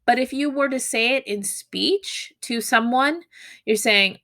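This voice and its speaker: A woman's voice: a little slow, no room sound. A woman teaching a Japanese grammar lesson in English, explaining patterns and acting out sample phrases. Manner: explanatory, acts out sample Japanese phrases with lively pitch swings.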